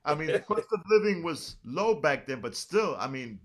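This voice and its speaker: A man's voice: a little high, very animated, normal speed. A man hosting an interview, reacting with admiring interjections and filling in background for the listeners. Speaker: interviewer host.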